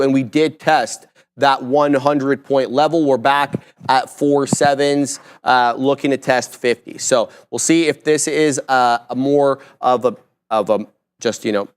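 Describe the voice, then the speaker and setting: A man hosting a live trading stream, talking through his trades and chart levels in brisk, self-mocking banter. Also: medium pitch, clean tone. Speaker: live trading show host. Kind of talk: live market commentary.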